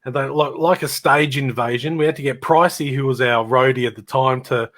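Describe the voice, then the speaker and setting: A man's voice: medium pitch, a little fast, a bit bright. A middle-aged Australian man telling rambling stories about his old band in casual chat, laughing and imitating people as he goes.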